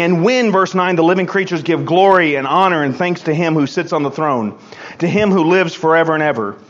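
A man's voice: a little high, muffled recording. A man preaching a sermon in an earnest, emphatic way, often repeating and restarting words.

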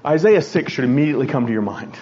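A man preaching a sermon to his congregation, reading scripture and explaining it with animated restarts and stammers. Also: medium pitch, quick pace, lo-fi sound, a little hiss or hum. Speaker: pastor.

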